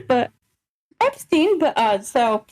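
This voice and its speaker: A woman's voice: extremely high pitch, poor audio. A woman in her twenties co-hosting a podcast, telling rambling stories in casual chat and laughing often. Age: 20s. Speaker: podcast co-host.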